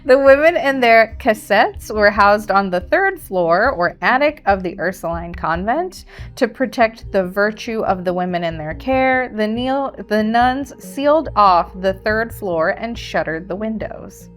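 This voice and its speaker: A woman co-hosting a podcast, reading a history segment in a steady, playful storyteller manner. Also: mid-range voice, measured pace, few pauses, faint music behind. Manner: steady storyteller, playful, laughs at own slips.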